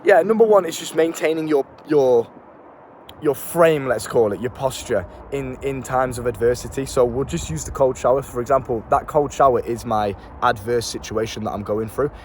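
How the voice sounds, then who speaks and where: A man's voice: medium pitch, normal speed. A young man talking casually to camera as a self-improvement coach, blunt and slangy, swearing and repeating words, with faint street noise behind him. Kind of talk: casual motivational talk to camera. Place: outdoors in town.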